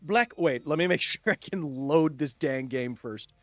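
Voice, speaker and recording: A man's voice: on the high side, expressive, measured pace, a bit bright, no room sound, soft background music. Guy live streaming a game, jokey and chatty, reads chat, laughs a lot, dry mic. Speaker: gaming livestream host.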